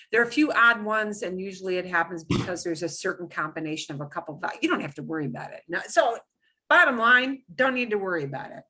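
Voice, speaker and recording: Bright, playful woman teaching a lesson. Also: mid-range voice. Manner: animated, playful exclamations while explaining. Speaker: Spanish teacher. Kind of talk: online beginner language lesson.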